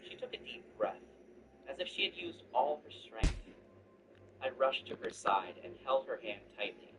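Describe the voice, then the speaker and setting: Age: adult. Role: lively male storyteller over background music. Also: mid-range voice, normal speed. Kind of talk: first-person story narration. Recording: distant mic with background music.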